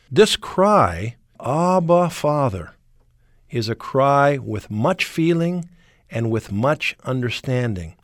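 This is a man with a mid-range voice who calmly explains a Bible passage on a radio program. He speaks slowly and goes through the points one at a time. The sound is dry and close. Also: mid-range voice, no room sound. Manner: calm and explanatory, answers point by point.

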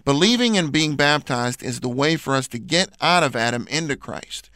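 Male co-host, earnest scripted explainer, bright and clear. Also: medium pitch, lively intonation, moderate pace, no echo. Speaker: radio program co-host. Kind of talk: scripted teaching talk.

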